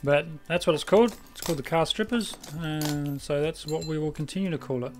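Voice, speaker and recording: A slightly high, slightly fast male voice carries a little hiss or hum in the recording. The speaker, an Australian-accented man from South Australia, casually chats and rambles through a live stream of a car repair game, often losing track of what he was saying.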